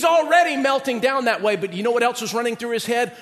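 A pastor preaching a sermon with an animated, dramatic delivery and joking asides. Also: male voice, very high voice, fast talker, hardly any pauses. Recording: long hall reverb.

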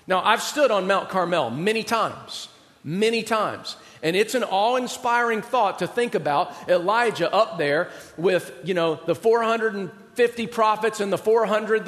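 High-voiced preacher in a reverberant hall. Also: male voice, normal speed. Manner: animated, conversational storytelling. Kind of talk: sermon.

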